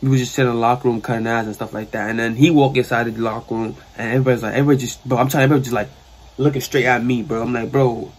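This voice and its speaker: Talking very fast in a mid-range voice, a young New York-accented man spins a rambling, slangy story. It's a casual storytime vlog recorded in a bedroom belonging to his sister, and his retelling is animated.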